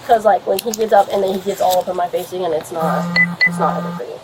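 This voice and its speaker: A woman's voice: lowish voice, quick pace, heavy background noise. A young woman rambling through an account of a fight for the police, swearing often and filling her talk with fillers, recorded on a body camera at a house. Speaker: complainant speaking to police.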